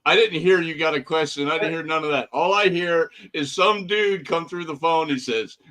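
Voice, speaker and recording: Male podcast co-host, playful and quick to laugh, voice a bit high. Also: sharp tone. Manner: joking, laughs often. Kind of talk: casual chat.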